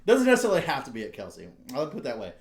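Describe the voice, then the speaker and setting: A man's voice: mid-range voice, huge pitch swings, rapid-fire. A man co-hosting a casual comedy podcast, joking, swearing and laughing as he acts out little scenes. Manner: laughing, profane, acts out quotes. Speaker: podcast co-host.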